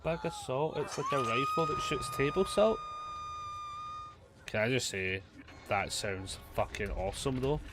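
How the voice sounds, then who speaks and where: A man's voice: medium pitch, wildly swooping pitch, music in the background. A man with a Scottish accent chatting casually through a live gameplay stream, swearing often and joking at his own mistakes. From Scotland. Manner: chatty, swears a lot, quick to self-mockery. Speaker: gaming streamer.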